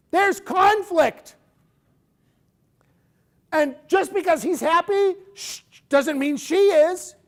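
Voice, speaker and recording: Animated woman teaching a lecture. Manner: animated, emphatic, with big swings in pitch and loudness. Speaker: instructor.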